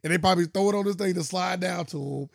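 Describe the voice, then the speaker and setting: A man's voice: sits high, quick pace, vocal fry. A man co-hosting a casual podcast chat, laid-back and laughing a lot as he talks in easy slang. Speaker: podcast co-host.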